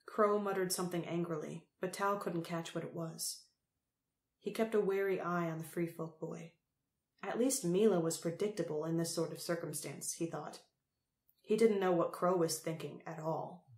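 Low-voiced woman reading an audiobook. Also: steady tone, moderate pace. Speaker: audiobook narrator. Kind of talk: scripted narration. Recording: echoey room.

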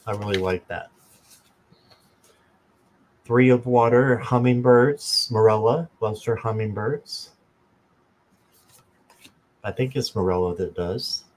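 A man hosting a live stream, chatting slowly and casually with viewers by name and joking as he goes. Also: on the low side, low-quality recording. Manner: slow, chatty, talks to viewers by name, jokes. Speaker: tarot reader and channel host.

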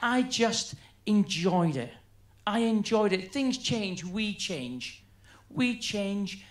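A man's voice: high-pitched, slow pace, echoey room. A man doing a stand-up routine, telling stories animatedly and acting out his friends. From Scotland. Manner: animated storytelling, acts out friends' voices. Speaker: stand-up comedian.

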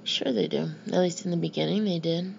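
A woman's voice: on the low side, brisk, vocal fry, a little mellow, dull audio, a little hiss or hum. A woman reading the lines of a cocky, streetwise older brother who talks in blunt slang and teases his sibling. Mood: teasing.

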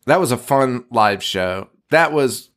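A man's voice: medium pitch, animated, takes it slowly, fairly bright tone. A young man co-hosting a podcast, chatting casually, swearing and laughing often. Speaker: podcast co-host.

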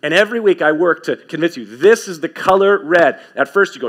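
A man preaching a sermon as pastor, emphatic, repeating key phrases and swinging from quick asides to slow, stressed words. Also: sits high, expressive, fairly bright tone.

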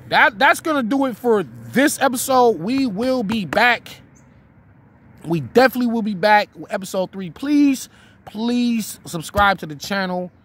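A man with a high-pitched voice gives an informal lesson on writing rap rhymes. He talks loosely and repeats himself, and now and then recites example bars. A faint hiss of noise sits under the voice. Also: a bit bright. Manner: demonstrates by reciting rhyme bars, casual and repetitive. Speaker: battle rap writing teacher. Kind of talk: informal instructional talk to camera.

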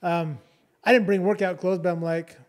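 A man with a high-pitched voice co-hosts a podcast, telling a story in a chatty, casual way at a moderate pace and steady tone. He keeps adding "like" and often checks in with "right?"

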